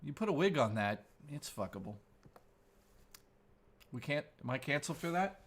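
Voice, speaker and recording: Crude joking male streamer, lively pitch. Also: normal speed, husky. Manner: crude, joking banter with chat; animated, playful. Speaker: livestream host. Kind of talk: casual live-stream chat.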